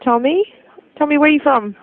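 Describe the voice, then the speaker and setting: An Australian woman answering calls at a radio station, polite and brisk as she takes a caller's details. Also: high voice. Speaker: radio station call screener. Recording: tinny phone line.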